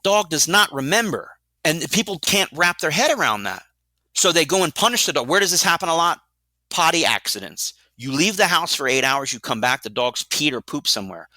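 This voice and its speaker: A middle-aged man, a dog trainer and guest, explaining training in an energetic, blunt way with rhetorical questions. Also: on the high side, dry recording. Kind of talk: explanatory interview talk.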